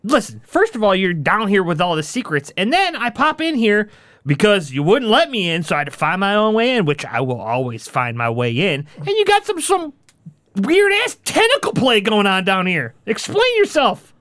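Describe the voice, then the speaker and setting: A blunt, brash player in a tabletop game session who swears freely. The pitch jumps around a lot, and the sound is dry and close. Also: very animated, normal speed, a bit bright, no echo.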